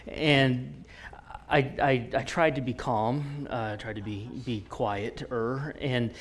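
A man in his forties preaching in a conversational, animated way, telling stories with frequent restarts. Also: mid-range voice, slow pace. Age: 40s.

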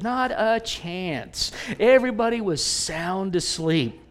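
A man preaching a sermon, telling stories with humor and dropping into hushed whispers for emphasis. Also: high voice, moderate pace, hardly any pauses. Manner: animated, swings from loud to hushed whispers; conversational storytelling with humor. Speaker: pastor.

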